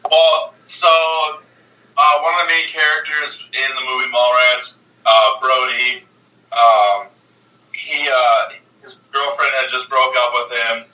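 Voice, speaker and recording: A man in casual podcast chat, retelling a movie scene with lively energy and acting out the quotes. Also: slow pace. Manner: animated storyteller, acts out quotes in a high voice. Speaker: podcast guest. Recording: roomy, distant mic.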